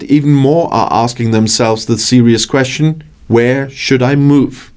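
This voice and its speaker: A man's voice: medium pitch, darkish tone. A man hosting his channel, reading a scripted narration with a wry, joking delivery. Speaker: channel host.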